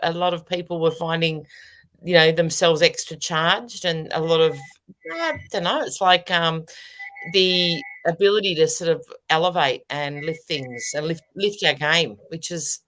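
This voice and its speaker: An Australian woman, a medium co-hosting a casual live stream, talking in a relaxed, halting way. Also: sits low. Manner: laid-back, halting, laughs often. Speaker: medium, co-host.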